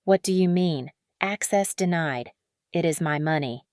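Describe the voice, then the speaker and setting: A woman's voice: lowish voice, measured pace, no echo, studio quality, lightly acted. Woman voicing a roaring drunk tycoon. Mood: furious. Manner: shouting, snapping, roaring. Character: drunk furious tycoon husband, man.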